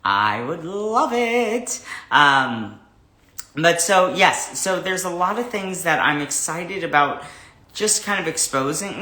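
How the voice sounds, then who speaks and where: A man hosting a livestream, greeting viewers and chatting in a rambling, animated way before an interview. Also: a little high, reverberant. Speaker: host. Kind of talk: casual livestream chat.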